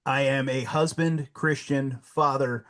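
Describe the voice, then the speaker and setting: A man's voice: mid-range voice, fairly even intonation, a little slow, fairly bright tone. A man guesting on a podcast, ranting bluntly with heavy profanity and heated emphasis. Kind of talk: casual podcast rant.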